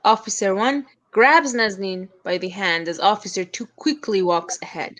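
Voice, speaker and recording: A woman reads the stage directions aloud in a plain, even narration. Her voice is mid-pitched and steady. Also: normal speed, low-quality recording. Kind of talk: scripted narration.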